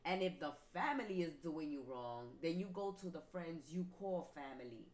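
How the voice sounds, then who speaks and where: A woman's voice: low voice, expressive, normal speed, a little mellow. A woman reading tarot for her viewers, talking emphatically and repeating herself like a preacher. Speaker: tarot reader. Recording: roomy with faint ambient noise.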